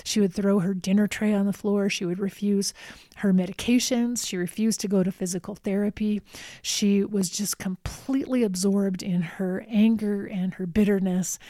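A woman who visits a nursing home tells a personal story in a calm, measured way, repeating words for emphasis. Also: mid-range voice, no room sound, clean studio sound.

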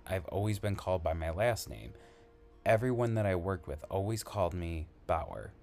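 A man who works as an emergency responder, earnestly retelling a frightening call in halting, conversational storytelling. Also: low-pitched, lively intonation, vocal fry, a little mellow, faint music behind. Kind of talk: spoken storytelling.

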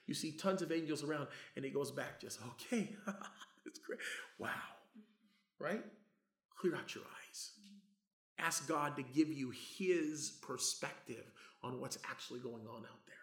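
A middle-aged man preaching a sermon as a pastor, talking in a casual, conversational way and swinging between loud, emphatic passages and hushed asides. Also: mid-range voice. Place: church hall. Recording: roomy church echo.

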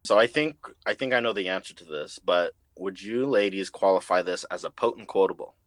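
A man's voice: sits low, brisk. A man hosting a podcast, casually prompting his co-hosts with questions about a movie. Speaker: podcast host. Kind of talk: casual chat.

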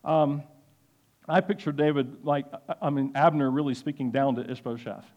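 A man giving a sermon-style Bible lesson, halting with many fillers and restarts. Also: mid-range voice, steady tone, a little mellow, dull audio. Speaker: Bible teacher.

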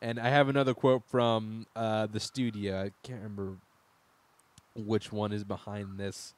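A man's voice: fairly low pitch, flat delivery, unhurried, no room sound. Joking young man hosting a chat. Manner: joking, laughs often, stumbles and restarts. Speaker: podcast host. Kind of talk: casual chat.

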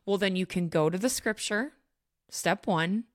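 A woman's voice: mid-range voice, measured pace, no room sound. Woman podcast host, faith teaching, earnest and direct, dry booth-like sound. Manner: earnest, emphatic, addresses listeners directly.

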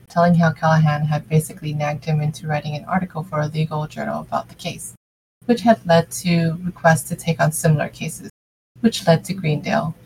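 A woman's voice: deep voice, vocal fry, darkish tone, slight background noise, rough recording. A woman casually reading a fan story aloud, taking turns with a co-reader. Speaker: fanfiction reader and channel host.

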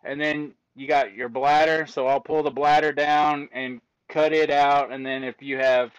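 A man's voice: a little high, measured pace, clear, resonant tone, no room sound, highs cut off. A man working as an autopsy technician, casually explaining his work and acting out back-and-forths with commenters. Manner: lively storyteller acting out exchanges with commenters.

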